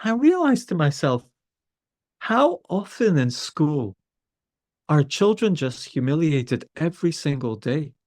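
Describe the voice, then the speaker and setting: A man, a podcast host telling a story with exasperated, animated energy. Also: fairly high pitch, slow pace. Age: 50s. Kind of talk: conversational storytelling.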